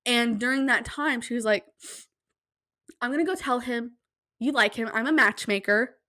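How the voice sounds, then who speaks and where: A young woman hosting a casual solo podcast at home, telling stories in an animated, self-deprecating way and acting out quotes. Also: normal speed. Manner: animated, self-deprecating, acts out quotes with big pitch jumps. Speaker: podcast host. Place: home room, quiet at night.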